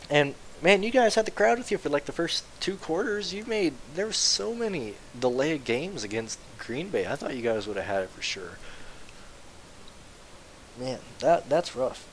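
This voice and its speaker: A young man casually streaming about fantasy sports, rambling, excitable and swearing freely. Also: fairly high pitch, moderate pace, rough recording. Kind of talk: casual live-stream chat. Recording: faint hiss.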